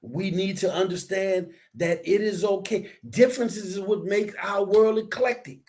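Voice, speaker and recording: A man co-hosting a casual discussion, talking in a preachy, animated way that rises to near shouts. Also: high-pitched, moderate pace.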